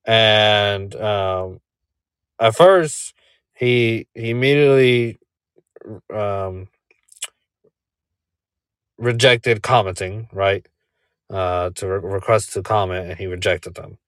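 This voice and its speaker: Low, slow-talking man on a call. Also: fairly bright tone, smooth, no echo, studio quality. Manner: rambling, many fillers and rhetorical "right?". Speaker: podcast co-host. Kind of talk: casual commentary. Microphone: remote call.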